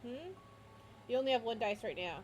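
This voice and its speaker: A woman narrating a cat tabletop game as game master, animated and playful. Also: fairly high pitch, a little fast, soft background music. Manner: animated, doing loud dog voices. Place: home streaming setup.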